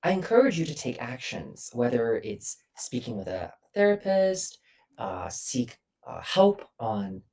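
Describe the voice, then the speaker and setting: A woman's voice: extremely low pitch, sing-song, measured pace, creaky, a little mellow, distant mic. A woman voice coach, a guest on the show, explaining technique with many hesitations and fillers over a remote call. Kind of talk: instructive interview answers.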